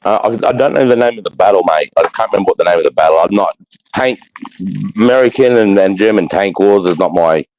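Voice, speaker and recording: Fired-up Australian army veteran, dark dull voice. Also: male voice, sits low, fast talker. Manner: fired-up, swears heavily, says "mate" constantly. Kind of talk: casual chat. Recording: slightly dull lo-fi sound.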